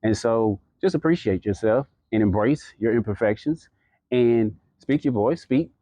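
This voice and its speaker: Earnest encouragement comes from a podcast creator talking to camera, his medium-pitched, dark-toned voice animated but a touch slow. He restarts often and uses lots of fillers in this casual motivational talk, captured in a dry recording.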